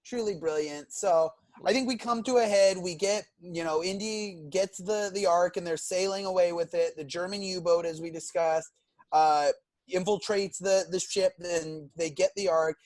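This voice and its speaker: A man co-hosting a casual film podcast, talking in halting bursts full of "you know" and restarts. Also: high voice, a little mellow, no room sound. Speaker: podcast co-host.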